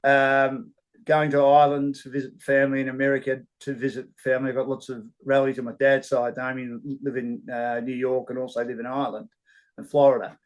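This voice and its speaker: A middle-aged Australian sports broadcaster, telling rambling, animated anecdotes in a casual interview. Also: male voice, mid-range voice, a little fast, rough recording.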